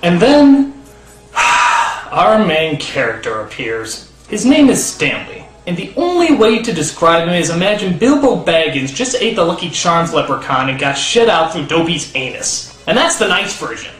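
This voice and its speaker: A man's voice: fairly high pitch, very animated, normal speed, hardly any pauses. Ranting guy roasting a movie, voice swings all over, echoey room w/ music. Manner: sarcastic, shouty, profane. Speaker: film reviewer. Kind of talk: comedic rant review.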